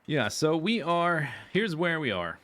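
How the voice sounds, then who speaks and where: A man with a fairly high, sing-song voice and a sharp tone speaks a little slowly as he streams a survival game. He rambles casually about his equipment and plans, correcting himself along the way.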